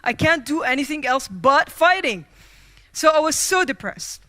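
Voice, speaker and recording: High, bright-voiced woman telling stories on stage. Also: moderate pace. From Middle East. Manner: lively, acts out scenes and quotes. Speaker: keynote speaker. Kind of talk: humorous storytelling speech. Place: conference stage.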